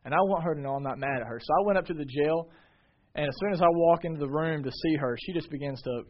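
Man in his thirties, pastor preaching; high-ish voice, moves between loud fervent stretches and quiet intimate ones; muffled lo-fi sermon audio. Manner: swings from shouted emphasis to quiet confiding.

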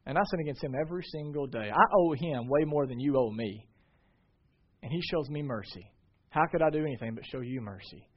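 A man in his thirties preaching a sermon, swinging between loud emphatic passages and quiet, confiding ones. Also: mid-range voice, fairly quick, breathy edge. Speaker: pastor. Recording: dull lo-fi sermon audio.

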